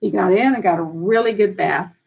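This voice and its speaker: A down-to-earth woman talks casually on a live stream, giving practical care advice in an earnest, homespun way. She restarts and repeats bits of sentences as she works out her thoughts. Her voice sits at a middling pitch for a woman. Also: brisk, creaky, a little mellow, rough recording. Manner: repeats and restarts phrases while thinking aloud.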